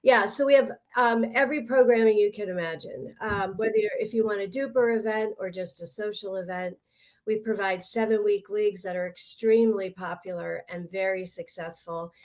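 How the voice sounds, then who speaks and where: A woman's voice: mid-range voice, fairly even intonation, moderate pace, darkish tone. Friendly woman describing her clubs. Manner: friendly, listing things, some hesitations. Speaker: guest, pickleball club co-founder. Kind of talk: casual podcast chat.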